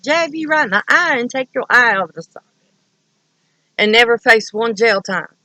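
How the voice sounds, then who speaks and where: A woman voicing a volatile, threatening street man in a rough, profane style of talk. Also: fairly high pitch, animated, normal speed, bright, forceful tone, no room sound, rough recording. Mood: menacing.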